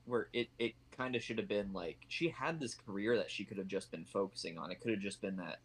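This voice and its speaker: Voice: low-pitched, a little fast, breathy edge. A podcast co-host in casual chat over a video call, rambling with lots of filler words.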